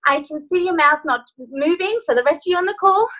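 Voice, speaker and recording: A woman's voice: very high-pitched, lively intonation, fairly quick, pushed and bright, low-quality recording. A woman life coach leading a group video call from her phone, giving upbeat, playful instructions.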